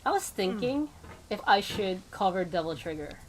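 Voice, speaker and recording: A woman's voice: medium pitch, very animated, moderate pace, a little hiss or hum. A woman VTuber chatting casually to her viewers while playing a game, rambling off on tangents with small laughs and restarts. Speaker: VTuber streamer. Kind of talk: casual gameplay stream chat.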